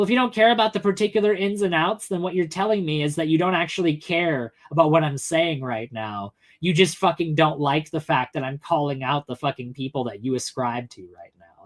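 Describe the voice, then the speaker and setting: Woman ranting angrily, low-pitched and profane. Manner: angry, profane, sarcastic, addressing commenters by name. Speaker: livestream host answering chat. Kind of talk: heated political rant.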